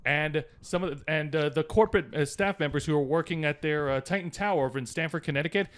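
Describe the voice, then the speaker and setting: A relaxed man co-hosting a podcast who reads news notes aloud in a chatty way. His voice sits a little above the usual male pitch. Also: quick pace, clean tone. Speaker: podcast co-host. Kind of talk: casual chat.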